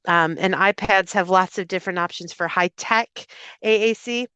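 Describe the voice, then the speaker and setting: A middle-aged Irish woman speaks as a speech therapist giving a live talk to parents. Her voice is smooth and resonant at a middle pitch. The sound is close and dry, and she explains patiently, pausing on fillers and restarting phrases. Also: sharp tone, dry recording. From Ireland. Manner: acts out example phrases in a lifted voice.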